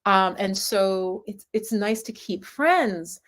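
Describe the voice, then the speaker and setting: A woman's voice: mid-range voice, takes it slowly, fairly bright tone. A woman hosting a casual live chat on friendships, talking in a rambling, reflective way with many restarts and asides to viewers. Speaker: host.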